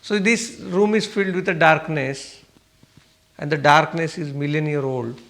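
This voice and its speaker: Questioning male meditation teacher, higher voice. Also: measured pace, fairly bright tone. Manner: asks the listeners questions and answers them; repeats himself and checks "okay?". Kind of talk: spiritual talk to a class.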